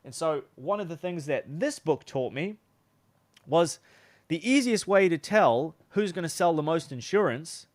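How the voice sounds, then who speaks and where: A man's voice: on the high side, no echo. A young man teaching sales in a loose, chatty way, often restarting his sentences. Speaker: sales coach. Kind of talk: casual teaching talk.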